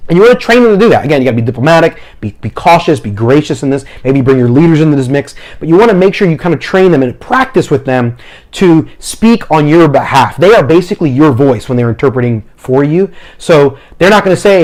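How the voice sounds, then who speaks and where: Fast-talking man giving practical advice. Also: a little high, animated, darkish tone. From Philadelphia, family from Puerto Rico. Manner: fast-talking, explains by acting out examples. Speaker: mission trip leader and preacher. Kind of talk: instructional talk to camera.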